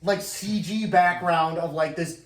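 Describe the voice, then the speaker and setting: High-pitched guy rambling and cussing on a podcast, echoey, kinda far from the mic. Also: measured pace, a little hiss or hum. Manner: rambling, lots of fillers and swearing. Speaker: podcast host. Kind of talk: casual podcast chat recapping a film.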